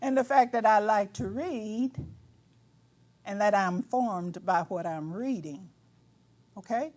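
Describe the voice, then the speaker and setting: An older woman giving a lecture in a preacherly, emphatic manner, with colloquial asides and bursts of shouting. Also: medium pitch, slow, no room sound. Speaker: speaker.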